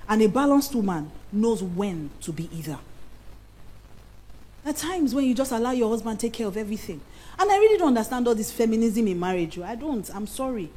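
A woman with a Nigerian accent preaching a sermon, playful and animated, dropping into pidgin asides. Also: a little high, a little fast, low-quality recording.

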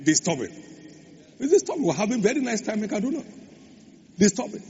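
A man's voice: high-pitched, big pitch swings, fast talker, darkish tone, breathy edge. A man preaching a sermon, stressing and repeating key phrases. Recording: echoey hall, dull lo-fi sound, faint hum.

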